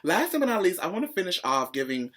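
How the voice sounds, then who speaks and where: A man's voice: fast talker, very noisy. Sassy, profane man ranting on a vlog. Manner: profane, sassy, calls viewers "child"; opinionated ranting, swings high when excited. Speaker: vlog host. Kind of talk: sassy pop-culture commentary vlog.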